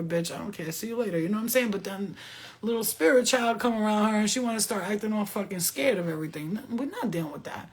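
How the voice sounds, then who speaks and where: A woman's voice: a little high, breathy edge. A woman giving a spiritual reading in a casual, blunt and profane way, laughing often as she talks. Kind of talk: casual spiritual channeling talk.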